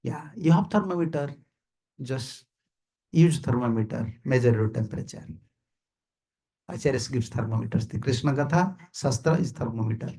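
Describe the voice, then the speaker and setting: A man with an Indian accent preaches informally to a small gathering in a house, with a gravelly and somewhat husky voice. He repeats key phrases for emphasis and keeps asking his listeners whether they understand. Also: medium pitch, moderate pace, long pauses, warm tone. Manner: repetitive, emphatic, asks listeners "you understand?", chuckles often. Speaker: visiting swami giving a talk. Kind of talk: informal sermon to a small group.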